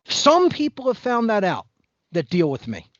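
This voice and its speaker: A man's voice: high-pitched, wildly swooping pitch, normal speed, fairly bright tone, no echo, highs cut off. A man speaking as a podcast guest in an impassioned monologue, blunt, preachy and emphatic.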